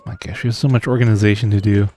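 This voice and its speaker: A man's voice: on the low side, fairly even intonation, racing, dark tone, slight background noise. A man live-streaming a game, chatting casually in a rambling, self-deprecating way and chuckling often. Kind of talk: casual live-stream chat while playing.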